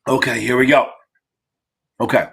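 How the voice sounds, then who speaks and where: A man's voice: medium pitch, steady tone, moderate pace, vocal fry, a bit bright, breathy edge. A man hosting a live exam-prep Q&A, giving blunt, profane, fired-up coaching in a casual livestream way.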